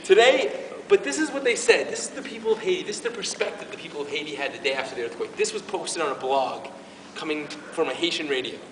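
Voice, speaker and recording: This parish youth ministry speaker has a highish, sing-song voice and a quick pace with hardly any pauses. His informal faith talk to the youth group is earnest and emotional, with many restarts. He's recorded from a distance in an echoing hall, with background noise.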